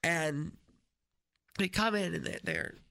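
A woman hosting a radio show in a studio, telling stories in an animated, chatty way with many restarts. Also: on the low side, slow, creaky. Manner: animated storytelling, frequent restarts. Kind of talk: casual on-air chat.

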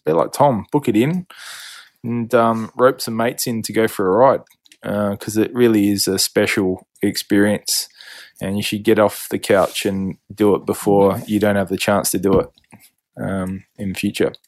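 Male host, weary, rambling and jokey, middle pitch, close dry sound. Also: fairly even intonation, moderate pace, dry recording. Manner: rambling, jokey, laughs often. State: tired at day's end. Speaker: podcast host. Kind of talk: casual trip recap chat. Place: backcountry hut.

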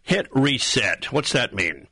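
Male radio host, bright tone, brisk, friendly, dry sound. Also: mid-range voice, animated, gravelly, husky, no room sound. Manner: brisk, friendly topic-reading. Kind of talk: radio interview.

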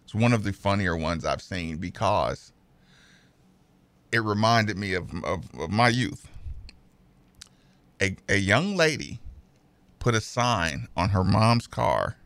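A male radio host chatting casually and telling stories with animated energy. His voice is gravelly and bright, and it moves all over in pitch. It's recorded close and dry. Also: takes it slowly, pauses often, no room sound. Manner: animated storyteller.

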